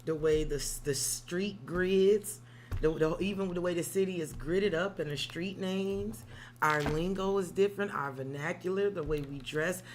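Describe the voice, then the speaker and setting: A woman's voice: on the low side, moderate pace, slight background noise. Salty, chatty woman reading tarot. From South Side of Chicago. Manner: chatty, digressive, salty, swears freely. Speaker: tarot reader. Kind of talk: casual livestream tarot reading.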